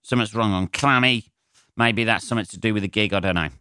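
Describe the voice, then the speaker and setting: Snotty bunged-up guy doing his podcast alone, low voice, bright and crisp, swears a lot, dry sarcastic rambling. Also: quick pace, dry recording. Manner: sweary, sardonic and self-mocking. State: stuffy, bunged-up nose. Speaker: stand-up comedian hosting a podcast. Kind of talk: rambling solo podcast monologue.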